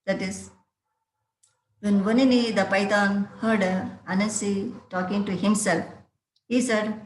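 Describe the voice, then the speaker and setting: A woman teacher explains a story at an average pitch, stopping often with fillers and asking her students questions. The recording carries a roomy echo. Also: fairly even intonation, slight background noise. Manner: halting, many fillers, rhetorical questions to students. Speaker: English teacher.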